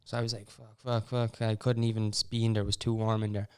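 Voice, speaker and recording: In a lowish, slightly mellow voice with a clean tone, a young Irish man hosts a podcast, speaking rapidly in a completely flat delivery. His storytelling rambles casually, full of restarts and dry asides.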